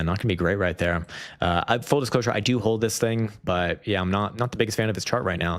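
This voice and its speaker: A man's voice: sits low, no echo, studio quality. A man hosting a live trading stream, talking loosely and conversationally, swearing freely and laughing at his own slips. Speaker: crypto trading livestream host. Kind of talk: casual livestream chat.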